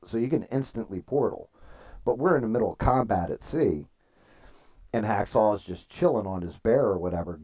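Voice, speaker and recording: A man's voice: fairly low pitch, dark tone. A man streaming and chatting casually, telling rambling stories, swearing freely and answering viewers' comments. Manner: rambling storytelling, swears freely, reads chat aloud. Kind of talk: casual livestream chat.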